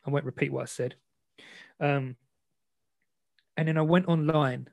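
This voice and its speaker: A man, an interview guest and boxer, frankly recounting a personal story in a self-deprecating, animated way. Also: fairly high pitch, a little slow, gravelly, no echo.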